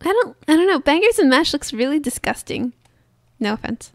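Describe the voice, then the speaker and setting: A woman's voice: sits high, fairly quick. A woman streamer chatting casually and giggling while gaming with friends in a headset. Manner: giggly, excitable. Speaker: streamer host. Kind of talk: casual game chat.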